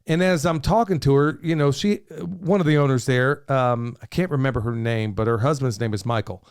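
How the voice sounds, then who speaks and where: A man's voice: mid-range voice, brisk, smooth. A middle-aged man, hosting a casual podcast in an upbeat, folksy way. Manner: folksy, upbeat, says "y'all" often. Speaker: podcast host.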